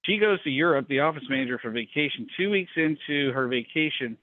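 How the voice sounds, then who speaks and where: Blunt man on a tinny call line. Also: fairly quick. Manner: blunt, animated, acts out quotes in a higher voice. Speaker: business coach hosting a mastermind call. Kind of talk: casual storytelling talk.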